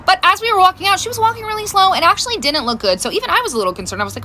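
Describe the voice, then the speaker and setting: A woman's voice: racing, a little hiss or hum. A woman in her thirties telling casual funny stories about her daughter and acting out the quotes. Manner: animated, acts out quotes with big pitch jumps. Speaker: storyteller mother. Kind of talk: casual storytime.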